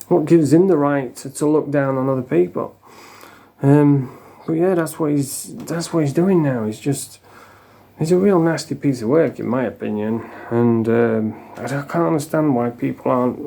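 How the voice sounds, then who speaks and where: A man's voice: fairly high pitch, gravelly, dark tone. A middle-aged man ranting casually to camera as the host of a commentary channel, blunt and scornful, swearing freely and restarting his sentences.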